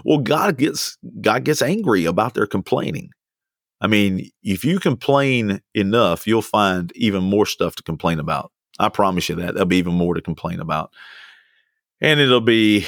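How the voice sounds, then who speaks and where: A man preaching a sermon with fervent repetition and sudden swings of pitch. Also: lively intonation, normal speed, a bit bright, no echo, studio quality. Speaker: pastor.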